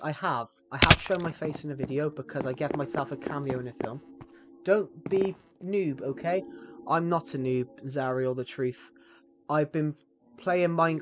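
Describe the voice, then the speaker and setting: A man in his twenties with a British accent, rambling and chatty as he answers viewer comments during a game stream. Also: a little high. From United Kingdom. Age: 20s. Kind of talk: live-stream chat while gaming. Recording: background music under the voice.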